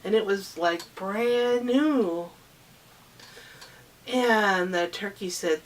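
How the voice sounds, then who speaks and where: A woman improvising a children's story, rambling and halting with many fillers and restarts. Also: medium pitch, distant mic.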